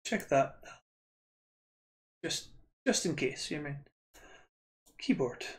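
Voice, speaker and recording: A man's voice: a little high, expressive, slow pace. A Scottish man streaming retro games, chatting casually and rambling to his viewers with frequent restarts.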